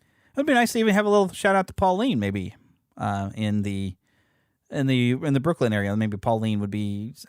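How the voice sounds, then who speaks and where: A podcast host from the United States rambles on in a chatty, animated way, talking quickly with a lively, swooping pitch. His voice is recorded dry, with no room sound. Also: dry recording. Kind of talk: casual chat.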